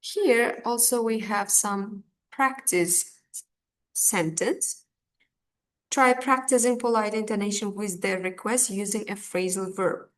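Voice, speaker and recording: Woman teacher, unhurried, patient, filler words. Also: medium pitch. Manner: slow, patient, with fillers and restarts. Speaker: English teacher. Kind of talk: online language lesson.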